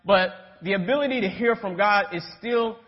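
High-pitched and moderately paced, a young preacher delivers a casual sermon full of stories, pausing to ask his listeners "right?" His voice comes through dull and drenched in the sanctuary's long reverb.

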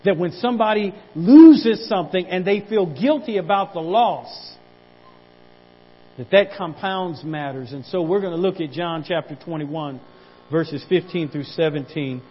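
A male pastor preaches in a high, light voice, stumbling over repeated words and asking the church for an amen. The recording is dull and lo-fi. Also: unhurried, breathy edge. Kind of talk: sermon.

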